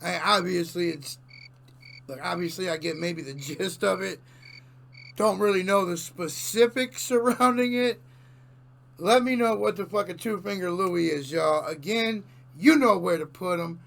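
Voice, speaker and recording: A man with a high, gravelly voice reacts to a clip, drawling slowly and swearing in disbelief. He speaks straight to his audience in a loose, unscripted way. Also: fairly bright tone. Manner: incredulous, swearing, addresses viewers directly. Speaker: reaction video host. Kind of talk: casual reaction commentary.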